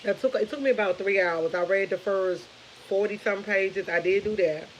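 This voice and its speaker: A woman's voice: medium pitch, a little fast, a little hiss or hum, poor audio. A woman, in her thirties, chatting casually and rambling to viewers of her morning live stream, laughing often.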